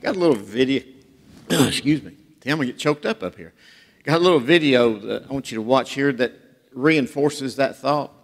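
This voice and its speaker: A man with a medium-pitched voice at normal speed preaches a sermon in a church sanctuary, telling jokes and stories in a folksy way. The recording carries the reverb of the church hall.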